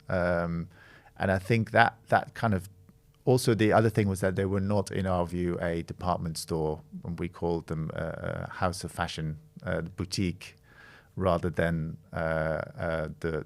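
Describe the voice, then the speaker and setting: A man's voice: deep voice, little pitch movement, measured pace, creaky. A middle-aged man from the Netherlands, a design studio's creative director, speaking as a guest in a podcast interview, thoughtful and hesitant with frequent restarts.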